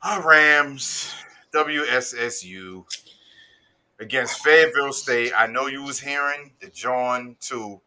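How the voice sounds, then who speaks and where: A man's voice: mid-range voice, takes it slowly, sharp tone. A man hosting a casual sports podcast in a loose, joking way. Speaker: podcast host.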